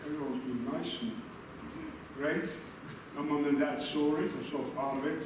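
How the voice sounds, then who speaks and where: A man's voice: fairly high pitch, steady tone, moderate pace. An older male comedian telling chatty stories on stage to an audience, laughing at his own jokes and swearing mildly. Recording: echoey hall, far from mic, noisy.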